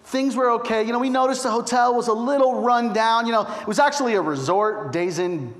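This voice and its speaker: A middle-aged male pastor telling a personal story in a sermon, chatty and animated, with frequent asides to the listeners. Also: very high voice, brisk.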